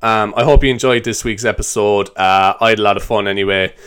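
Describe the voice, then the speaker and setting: Young Irish guy, solo comedy podcast host, loose and sweary, smooth resonant voice. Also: fairly low pitch, fairly even intonation, brisk, a bit bright. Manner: rambling, swearing, self-mocking.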